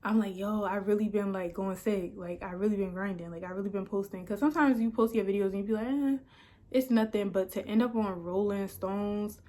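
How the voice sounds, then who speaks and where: A woman in her thirties talking casually to camera as a content creator, excited and emotional, with lots of fillers. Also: mid-range voice, fairly quick. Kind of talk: casual vlog talk.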